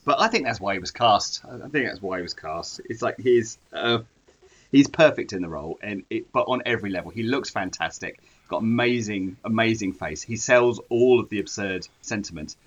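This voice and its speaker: Man in his forties, low-pitched and jokey; muffled lo-fi sound. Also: lively intonation, a little fast. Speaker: podcast co-host. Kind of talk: casual film-discussion chat.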